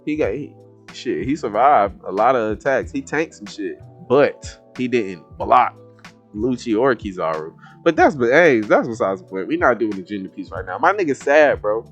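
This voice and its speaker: A man hosting a casual comic reaction video, talking to viewers in a swearing, animated way. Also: medium pitch, normal speed, faint music behind. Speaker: reaction channel host.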